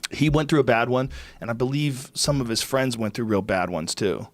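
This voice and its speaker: A middle-aged man, a podcast host, telling casual stories in a relaxed, swearing conversational manner. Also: mid-range voice, normal speed, no echo. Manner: casual storytelling, heavy swearing.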